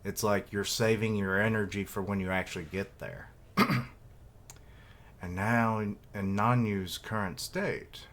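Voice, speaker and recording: A man's voice: fairly low pitch, takes it slowly, fairly bright tone. A man on a casual live reaction stream, rambling and joking as he reads comic dialogue aloud.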